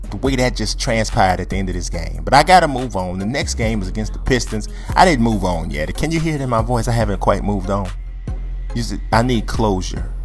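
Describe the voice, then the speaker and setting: Animated man calling a video game. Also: fairly low pitch. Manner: animated, joking, trash-talking the players. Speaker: gameplay commentator. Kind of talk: casual play-by-play commentary over a video game.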